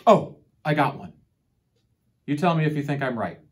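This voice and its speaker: A deep-voiced woman reads a children's picture book aloud, expressive and unhurried. She follows up by asking the young listeners about the book's lesson.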